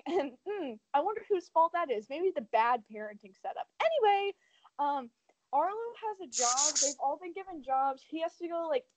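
High-voiced sarcastic woman recapping a movie. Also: no echo, lo-fi sound. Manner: sarcastic, rambling plot retelling. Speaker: podcast co-host. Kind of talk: casual podcast chat.

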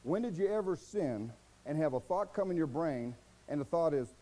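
A folksy male pastor preaches a sermon with a fairly high, very lively voice. He talks plainly with asides, slipping from low mutters to loud, high outbursts, in a mellow, dark tone. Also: brisk, low-quality recording. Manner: swings from low murmurs to loud, high bursts.

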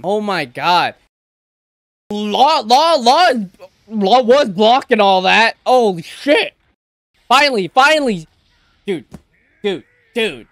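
A man reacting live to an anime episode, excitable and exclaiming, swearing in casual slang. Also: sits high, no room sound.

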